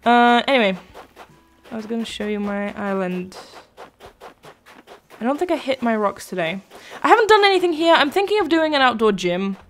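A woman's voice: a little high, animated, moderate pace, soft background music. A young woman chatting casually while live-streaming a video game, rambling between thoughts and answering her chat.

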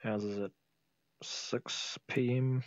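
A man's voice: medium pitch, steady tone, takes it slowly, dull audio, background noise. A tired man casually commentating a flight sim game he is playing, thinking aloud and humming to himself. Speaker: gameplay video host.

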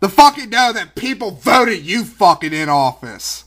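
High pitched guy doing an angry sweary vlog rant, sharp bright voice, sarcastic. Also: big pitch swings, measured pace. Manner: profane, heated, sarcastic. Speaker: video blogger.

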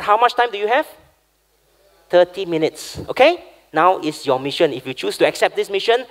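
A man with a high, upbeat voice runs a live coaching workshop. He keeps the room moving, checks in with "okay?" after nearly every point, and speaks with a lot of push and energy. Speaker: workshop facilitator.

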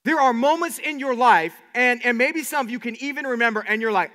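A man preaching a sermon to his congregation, animated, with many repeated words and quick asides. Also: extremely high pitch, in a large hall. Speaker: pastor.

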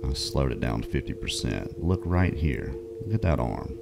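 Brief: male documentary host, extremely low gravelly voice, measured explanation. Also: sing-song, very noisy. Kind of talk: narration over footage. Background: music.

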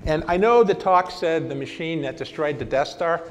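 A man in his sixties giving a conference talk and telling lively anecdotes. He acts out old conversations as he goes. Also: fairly high pitch, normal speed. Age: 60s. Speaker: conference speaker. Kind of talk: presentation talk with storytelling. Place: hall at a vintage computer festival. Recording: long hall reverb.

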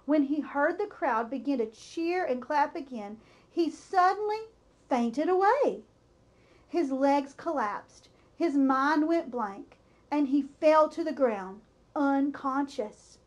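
A woman reading a children's chapter book aloud in a high, bright voice. She takes her time, letting each sentence land with expressive, unhurried storytelling. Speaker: storybook reader.

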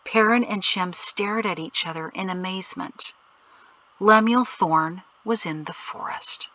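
A woman narrating an audiobook in a clear, steady storytelling way. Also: mid-range voice, measured pace, low-quality recording.

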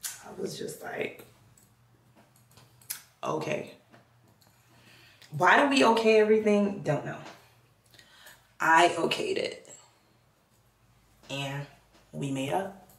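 A young woman with a Jamaican accent, chatting casually to her viewers, with a low, gravelly voice. She talks at an unhurried pace and acts out the voices in her story. The room around her is echoey. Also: expressive. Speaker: vlogger.

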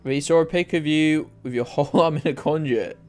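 A man's voice: fairly high pitch, a little fast, darkish tone, clear, resonant tone. Swearing, rambling male game streamer. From United Kingdom. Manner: chatty, rambling, swears freely, talks to chat. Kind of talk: casual game streaming chat. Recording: faint music underneath.

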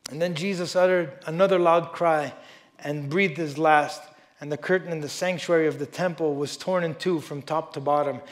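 High-voiced emphatic preaching man. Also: steady tone, moderate pace. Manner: emphatic, swings between loud stresses and quiet asides; conversational, with frequent "you know" asides. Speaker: pastor. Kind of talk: sermon with scripture reading. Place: church service before a congregation.

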